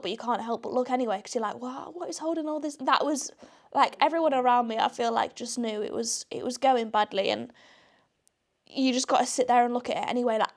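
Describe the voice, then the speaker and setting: A young British woman with a British accent, hosting a podcast in a chatty, self-deprecating manner, often laughing at herself. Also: sits high. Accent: British English. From Britain. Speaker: podcast host. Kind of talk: casual chat.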